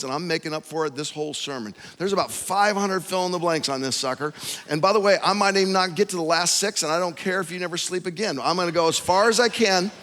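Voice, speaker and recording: A man preaching a sermon with personal stories, telling them in an animated way and acting out the voices of the people in them. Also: high voice. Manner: animated storytelling, acts out quoted voices. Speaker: pastor. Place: church auditorium. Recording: long hall reverb.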